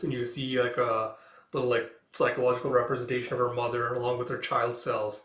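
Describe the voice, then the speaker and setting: A man's voice: medium pitch, flat delivery, a little fast, fairly bright tone, roomy sound. Chatty man reading a comic aloud. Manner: loose and chatty, with frequent fillers like "like". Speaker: comic reader and reviewer. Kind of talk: casual comic read-through.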